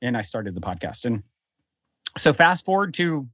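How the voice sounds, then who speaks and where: A man's voice: medium pitch, normal speed, dry recording. Man telling a story, rambling, dry sound. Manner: animated, rambling, many restarts. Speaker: podcast guest who hosts his own show. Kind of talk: casual storytelling. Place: lives in a beach town.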